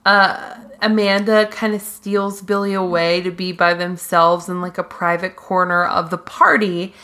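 A woman co-hosting a podcast, casually recapping a TV episode with lively storytelling. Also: lowish voice, measured pace. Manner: animated storyteller, laughs often. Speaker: podcast co-host.

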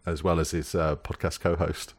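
A man's voice: a bass voice, level tone, normal speed. A man hosting a podcast, telling stories in a chatty, teasing way. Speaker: podcast host. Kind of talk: casual chat.

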